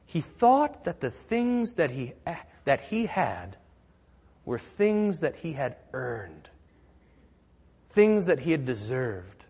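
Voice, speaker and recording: A man's voice: medium pitch, big pitch swings, slow pace, a little mellow, slightly rough, big-room sound. A man preaching a sermon as pastor, telling the story with acted-out quotes and laughing along.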